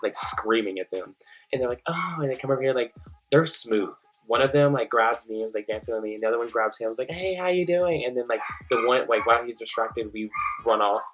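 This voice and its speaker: A young man telling a casual storytime, animated and full of filler words. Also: medium pitch, quick pace, low-quality recording. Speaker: vlogger.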